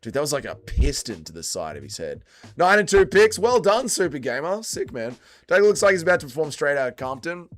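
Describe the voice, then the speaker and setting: A man's voice: fairly high pitch, big pitch swings, fairly quick, dry recording. A man hosting a fight watch-along stream, swearing a lot and bantering with his chat. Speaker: livestream host.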